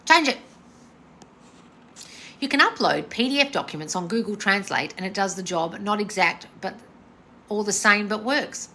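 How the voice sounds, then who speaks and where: A woman's voice: medium pitch, normal speed, pushed and bright. A middle-aged woman hosting a live question-and-answer stream, speaking bluntly with frequent swearing and calling viewers darling. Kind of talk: casual live Q&A chat.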